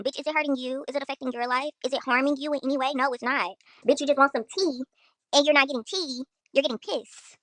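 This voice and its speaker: A woman's voice: high-pitched, quick pace, vocal fry, a bit bright, no room sound. A young woman from Houston, ranting bluntly and profanely to viewers on her own livestream. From Houston, Texas. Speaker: influencer on a livestream. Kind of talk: casual livestream rant.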